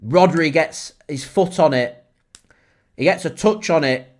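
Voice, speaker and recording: A man calls a football match live for his fan channel's watchalong. His voice sits high for a man. He shifts quickly from steady play-by-play into shouting and laughing disbelief. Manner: excitable, shouts and laughs in disbelief at big moments.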